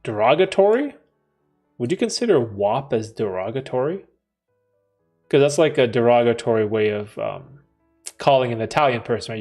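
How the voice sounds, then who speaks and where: A man's voice: mid-range voice, a little mellow. A young man hosting a livestream, chatting casually with slang and frequent laughs while reading comments aloud. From Canada. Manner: laid-back, slangy, laughs often, reads chat aloud. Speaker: livestream host.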